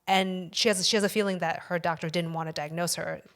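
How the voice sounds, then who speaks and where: A woman's voice: on the low side, steady tone, fairly quick. A woman guest on a podcast, telling a story in a casual way, rambling and swearing for emphasis.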